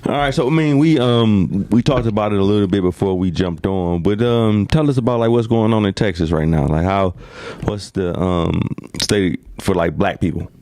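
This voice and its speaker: Deep-voiced man hosting a podcast. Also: moderate pace, few pauses, mellow, no echo. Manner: loose, joking, slangy banter. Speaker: podcast host. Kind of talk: casual chat.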